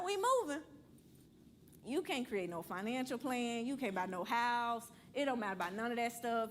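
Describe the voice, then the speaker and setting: A woman's voice: on the high side, slight background noise. A woman teaching a church money class, blunt and playful, quizzing and coaching the room. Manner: blunt, playful, preachy, calls and asks the room.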